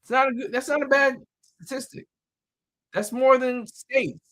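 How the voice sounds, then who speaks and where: A man's voice: extremely high pitch, steady tone, moderate pace, a bit bright. A man talking in a loose, rambling monologue, full of fillers, repeated words and restarts.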